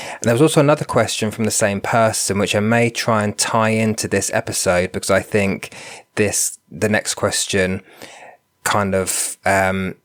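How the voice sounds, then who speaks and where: A man with a fairly low voice speaks on his solo podcast, stuffed up and nasal from a cold. He talks in a gentle, reflective way, working his thoughts out aloud with small restarts. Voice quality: nasal, bunged-up. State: congested from a cold. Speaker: podcast host and spiritual medium. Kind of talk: casual solo podcast talk.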